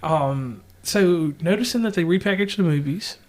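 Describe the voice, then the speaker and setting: A man's voice: sits high, normal speed. A man co-hosting a casual podcast from a home kitchen, rambling and drifting off topic. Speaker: podcast co-host. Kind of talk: casual chat.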